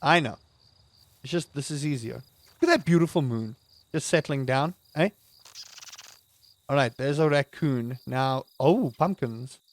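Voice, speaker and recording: A man's voice: mid-range voice, a little slow, long pauses, no echo. A man giving playful, chatty let's-play commentary with jokey wordplay. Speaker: gaming host.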